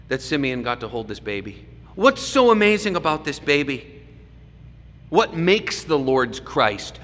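A man preaching a sermon, swinging between loud emphasis and hushed asides. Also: mid-range voice. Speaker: pastor. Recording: echoey hall with faint background noise.

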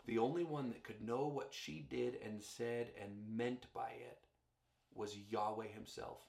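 A man's voice: medium pitch, a little slow, vocal fry. Man preaching in an echoey room. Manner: animated, storytelling preacher addressing congregation. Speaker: pastor. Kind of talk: sermon.

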